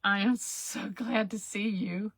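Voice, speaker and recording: Slow, bright-voiced craft host. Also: female voice, mid-range voice, steady tone, no room sound. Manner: folksy, self-chuckling, talks while working. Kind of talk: chatty crafting livestream.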